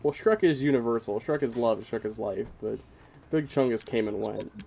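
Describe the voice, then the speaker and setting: A man's voice: medium pitch, moderate pace, creaky, mellow. A man streaming a game, bantering casually, swearing often and laughing at his own jokes.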